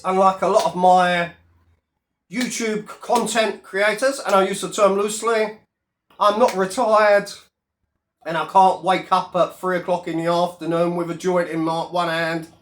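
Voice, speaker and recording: A man's voice: high-pitched, fairly even intonation, a little slow, fairly bright tone, roomy sound. A man in his thirties ranting on his vlog, sneering and swearing at a rival. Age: 30s. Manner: sneering, profane, taunting. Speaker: YouTuber.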